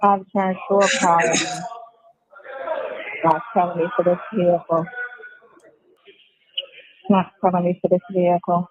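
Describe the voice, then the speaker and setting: A woman talking hesitantly on a phone call, halting and unsure. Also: on the low side, little pitch movement, a crowd in the background. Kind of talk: casual talk on a phone call. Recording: tinny phone line.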